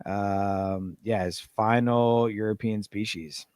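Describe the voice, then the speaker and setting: A man hosts a casual podcast, his voice sitting low and easygoing. He reads listener messages with plenty of ums and loose asides. The recording is close and dry, with no room sound. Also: fairly even intonation, slow pace, darkish tone, clear, resonant tone, no room sound. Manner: laid-back, rambling with fillers. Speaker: podcast host.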